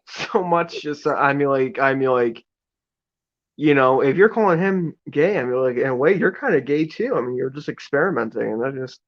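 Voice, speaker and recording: A man's voice: mid-range voice, animated, moderate pace. A man as a guest on a live stream, rambling casually. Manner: rambling, casual, lots of "I mean, like". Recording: dull lo-fi mic.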